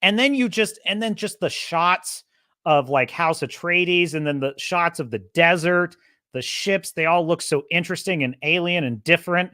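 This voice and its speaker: Bright-voiced enthusiastic male podcaster. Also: on the high side, moderate pace, no room sound, studio quality. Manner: enthusiastic, rambling, self-correcting. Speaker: podcast host. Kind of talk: casual film review monologue.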